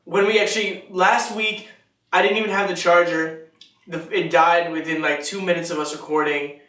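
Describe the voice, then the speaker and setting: A man's voice: high-pitched, steady tone, normal speed, fairly bright tone. Joking man co-hosting, echoey room. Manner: joking, rambling, laughs often. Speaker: podcast co-host. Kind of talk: casual chat. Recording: echoey room, mic at a distance.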